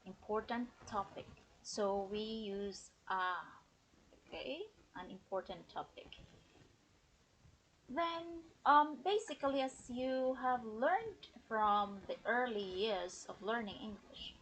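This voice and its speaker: A woman teaching an English grammar lesson on a livestream, explaining slowly and checking in with the viewers. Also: on the high side, animated, a bit bright, a little hiss or hum, low-quality recording. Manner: slow, explanatory, checks in with "okay?".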